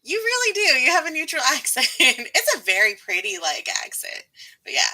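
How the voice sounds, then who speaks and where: A woman's voice: high-pitched, huge pitch swings, moderate pace, sharp tone. A woman in her thirties from Texas with a Texan accent, chatting casually and laughing often as she hosts a live writing stream. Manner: giggly, chatty, frequent laughter. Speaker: livestream host.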